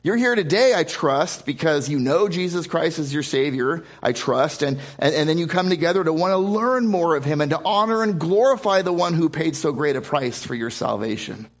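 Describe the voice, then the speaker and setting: A pastor delivers an emphatic sermon to his congregation at a church service, often repeating words and restarting phrases. His voice sits a little high and sounds expressive, moving at normal speed with hardly any pauses.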